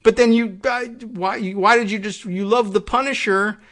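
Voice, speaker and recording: A man with a higher-than-usual voice hosts a political podcast. He talks through the news in a sarcastic, mocking monologue, slipping into put-on voices of the people he criticizes. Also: steady tone, normal speed, fairly bright tone. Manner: sarcastic, mocks opponents with put-on quotes. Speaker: podcast host.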